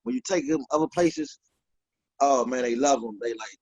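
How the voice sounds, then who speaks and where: A man's voice: mid-range voice, huge pitch swings, normal speed, gravelly, a little mellow, lo-fi sound. A man, a comedian, talking loosely and profanely in a casual chat over a video call.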